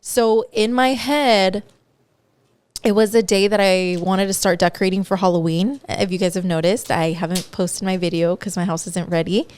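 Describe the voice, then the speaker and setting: A woman co-hosting a podcast, chatting casually and telling stories in an animated, profane way. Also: mid-range voice, normal speed. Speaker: podcast co-host. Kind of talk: casual chat.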